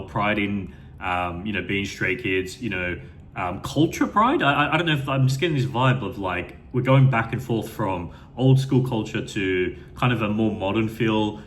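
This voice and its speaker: Guy with a lowish voice gushing through a reaction vid, lots of um and like, faint hiss behind. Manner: enthusiastic, rambling, many fillers and restarts. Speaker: music video reactor. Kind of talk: unscripted first-time reaction commentary.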